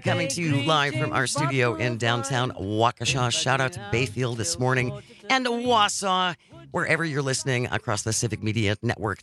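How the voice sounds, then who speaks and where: A man's voice: mid-range voice, bright, forceful tone. A man hosting a live political talk radio show from a studio, reading listener texts and news in a wry, conversational way. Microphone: studio microphone.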